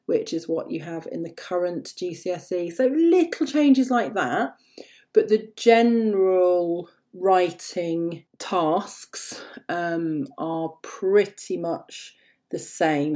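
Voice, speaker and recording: A woman talks through her solo podcast in a low, mellow voice. She rambles loosely and wanders into asides as she goes. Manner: chatty, rambling, full of asides and fillers. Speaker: podcast host. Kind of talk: casual solo podcast talk.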